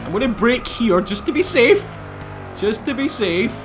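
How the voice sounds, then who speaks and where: A man giving excitable, laughing gameplay commentary as he drives in a racing game. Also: very high-pitched, moderate pace, over music. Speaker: gaming YouTuber.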